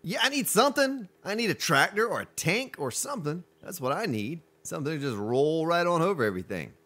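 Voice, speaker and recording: Chatty male game streamer with a lively voice. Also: brisk. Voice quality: deep voice. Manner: chatty, reads chat aloud, greets viewers. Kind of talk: casual live-stream commentary.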